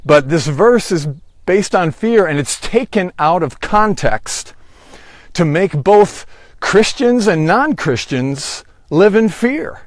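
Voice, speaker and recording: A man giving a sermon, slow and deliberate, rising on emphatic phrases. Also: high voice, lively intonation, no echo, studio quality. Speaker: pastor.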